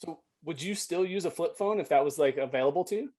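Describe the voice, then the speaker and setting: Man interviewing, higher-pitched voice. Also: quick pace, a little mellow. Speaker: podcast host. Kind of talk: casual interview conversation.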